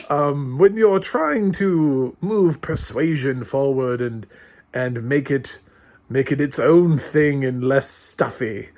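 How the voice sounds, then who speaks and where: A man reviewing a film in a casual, hesitant way, with dry sarcasm and many pauses and fillers. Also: on the high side. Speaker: film critic. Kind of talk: casual spoken movie review.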